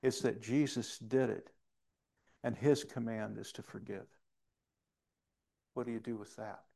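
A man's voice: fairly low pitch, steady tone, measured pace, gravelly, warm tone. A male pastor preaching a sermon in a church, telling a story earnestly with frequent restarts.

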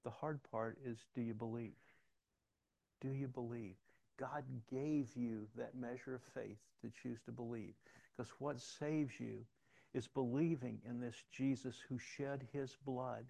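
Gravelly, conversational preacher man. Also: medium pitch, steady tone, unhurried, no echo. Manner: conversational preaching with restarts, swings from loud to hushed. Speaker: pastor. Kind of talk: sermon.

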